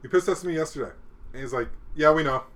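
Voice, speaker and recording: A man's voice: a little high, fast, a bit bright. A man casually telling a profane, laid-back story among friends, acting out the people in it.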